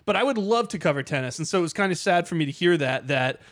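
A man's voice: on the high side, lively intonation, fast, fairly bright tone. A man hosting a podcast, asking his guest eager, chatty questions full of hedges. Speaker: podcast host. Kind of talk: interviewing a guest.

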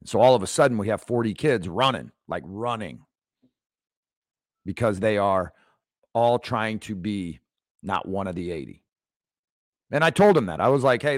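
A man's voice: fairly low pitch, no echo, studio quality. A man in his fifties hosting a leadership podcast, talking in an emphatic motivational monologue that repeats key phrases for effect. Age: 50s. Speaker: leadership coach, podcast host.

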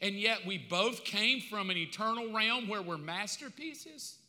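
A man preaching a sermon as pastor, emphatic and conversational, swinging from loud to hushed. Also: high-pitched, lively intonation, a little slow. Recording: long hall reverb.

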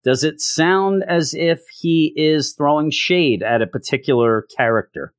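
A man's voice: on the high side, a little slow, no room sound. Guy ranting sarcastically about a comic, stumbles over words a lot, dry close mic. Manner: sarcastic, rambling, stammering restarts. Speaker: comic book podcast host. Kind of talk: casual comic recap and commentary.

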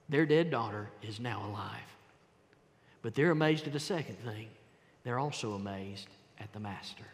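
A man preaching a sermon, dramatically moving between hushed tones and loud exclamations as he acts out the voices of Bible figures. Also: medium pitch, in a large hall. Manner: dramatic, swings from hushed to shouting.

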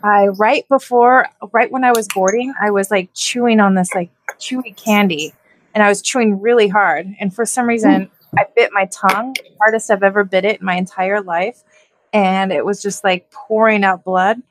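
A woman's voice: mid-range voice, steady tone, moderate pace, slight background noise, poor audio. A woman in casual chat, telling stories and laughing between them.

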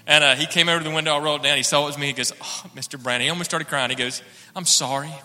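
A man's voice: on the high side, steady tone, rapid-fire, pushed and bright, big-room sound. A man sharing an earnest personal testimony in church, acting out the dialogue as he tells it. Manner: earnest storytelling, acts out dialogue.

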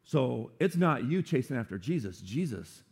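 A man preaching a sermon, animated and playful, acting out quotes for humor. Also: medium pitch, moderate pace, gravelly, breathy edge. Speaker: pastor.

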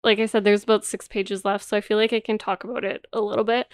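A woman's voice: mid-range voice, flat delivery, fast talker, smooth, dry recording, studio quality. A young adult woman co-hosting a book podcast, chatting casually and retelling scenes with lots of "like" and exasperated asides. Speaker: podcast co-host.

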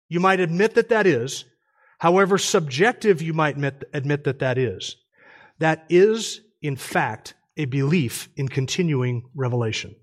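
A man speaking at a conference in a church, arguing his point emphatically in a sermon. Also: a little high. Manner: emphatic, argumentative.

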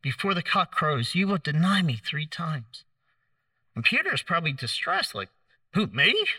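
Male preacher, kinda high voice, dry sound, sits a bit far from the mic, acts out the lines while telling the story. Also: lively intonation, moderate pace, dry recording. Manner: storytelling, acts out quotes, gentle humor. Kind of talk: sermon.

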